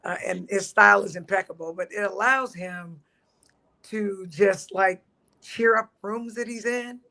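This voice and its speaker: A man, a pastor and panel guest, giving a warm, humorous tribute and saying he is tired. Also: high voice, fairly even intonation, measured pace, gravelly. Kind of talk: casual tribute.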